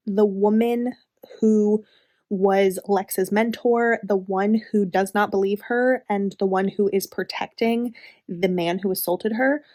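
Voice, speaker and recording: A woman's voice: medium pitch, steady tone, takes it slowly, warm tone. A woman in a casual book review vlog, talking in a heated, emphatic way with sighs. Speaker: book vlogger.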